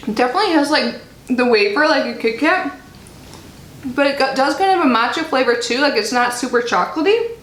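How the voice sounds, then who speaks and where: Filmed at home in Florida, this unboxing vlog has a woman who reviews subscription boxes chatting casually, reading snack labels out loud and talking mid-chew. She sounds animated and fairly quick, her voice sitting high with a fairly bright tone, in an echoey room with faint noise.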